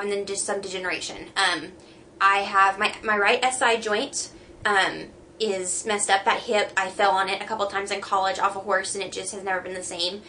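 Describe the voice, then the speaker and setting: A young woman talks casually to camera, slightly out of breath and halting, with many pauses and fillers. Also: medium pitch, fairly bright tone, a little hiss or hum. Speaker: vlogger.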